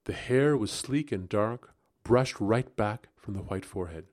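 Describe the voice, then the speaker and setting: A man narrating a gothic story aloud in the first person, expressive and rising into agitation at tense moments. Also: fairly low pitch, unhurried. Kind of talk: dramatic audiobook narration.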